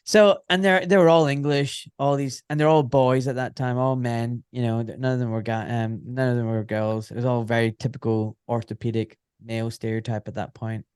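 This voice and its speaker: A man's voice: medium pitch, fairly even intonation, brisk, few pauses, darkish tone, clear, resonant tone, dry recording, clean studio sound. A Scottish man in his forties, an orthopaedic surgeon, telling stories in a casual, rambling interview full of filler phrases. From Scotland.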